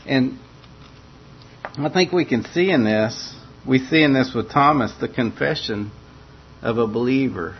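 A man's voice: animated, normal speed. A man preaching a sermon, earnest and repeating phrases for emphasis. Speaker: pastor. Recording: muffled lo-fi recording with faint rumble.

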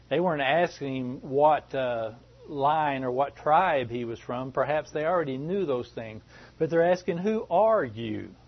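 Husky-voiced man preaching a sermon. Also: mid-range voice. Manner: deliberate, emphatic preaching with many fillers. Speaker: pastor. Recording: dull lo-fi recording.

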